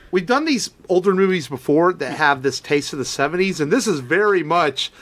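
A man co-hosting a podcast, retelling movie scenes in quick, enthusiastic casual talk. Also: a little high, animated, a bit bright, no room sound. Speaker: podcast co-host. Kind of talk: casual movie review chat.

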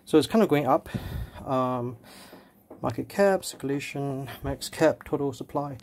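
A man casually talking through charts while working out at a gym, a bit out of breath, thinking aloud with pauses and fillers. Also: mid-range voice, a little mellow, slight background noise. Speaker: crypto vlogger. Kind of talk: casual screen walkthrough.

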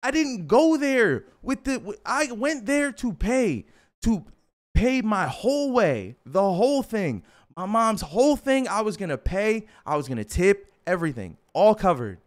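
A young man telling a casual storytime, animated and slangy, often repeating himself. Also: high voice, a little slow.

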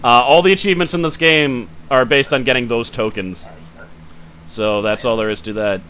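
Bright-voiced man muttering over a game. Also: medium pitch, slight background noise. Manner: thinks aloud while checking details, mutters to himself; quick to grumble and curse, then apologizes. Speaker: gaming channel host. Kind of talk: casual let's-play commentary.

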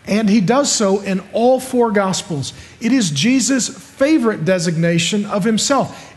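High-voiced man preaching emphatically. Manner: emphatic, repeats points with rhetorical questions. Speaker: pastor. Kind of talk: sermon.

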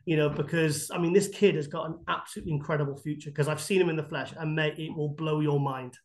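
High-voiced man telling anecdotes. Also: fast talker. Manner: animated, rambling anecdotes with many fillers and restarts. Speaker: bodybuilding guest expert. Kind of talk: podcast interview storytelling.

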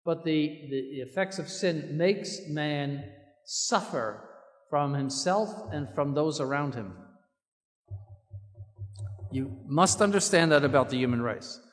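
A man preaching a sermon as a bishop, earnest and slowing down to stress key words. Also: a little high, big-room sound, faint music behind.

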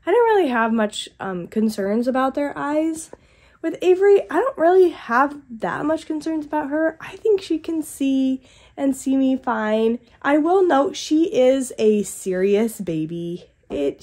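A young woman with a stuffy head cold, chatting casually to her vlog audience from a quiet house and rambling as she thinks aloud. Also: a little high. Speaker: vlogger and mother. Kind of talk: casual vlog talk to camera.

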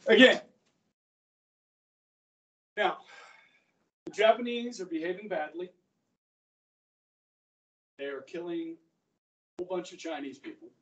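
Recorded from a distance in a roomy classroom, a man gives a history lecture in a high, slightly bright voice, unhurried and pausing often. He keeps it conversational, asking his class questions and performing quotes.

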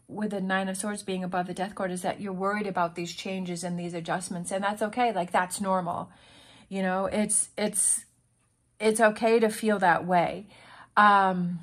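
A woman's voice: medium pitch, fairly bright tone. A woman giving a casual tarot reading, talking in an earnest, encouraging way with many restarts and fillers, and sounding emotional. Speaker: tarot reader.

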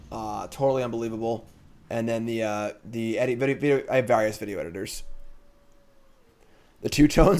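A man with an ordinary mid-range voice hosts a card game stream, talking through his plays in loose live commentary. He thinks out loud, mutters through choices, and jokes with the chat as he goes. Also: medium pitch, a little hiss or hum. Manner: thinking out loud, casual and chatty; jokey, reads chat comments aloud.

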